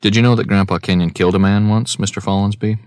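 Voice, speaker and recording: A man's voice: fairly low pitch, steady tone, quick pace, darkish tone, dry recording, studio quality, voice pushed up, lightly acted. A man voicing a sullen, bitter young boy who speaks bluntly. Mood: sulky.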